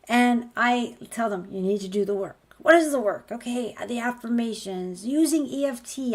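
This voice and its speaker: A woman, a spiritual healer, giving an earnest motivational talk, stacking rhetorical questions as she promotes her course. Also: fairly high pitch.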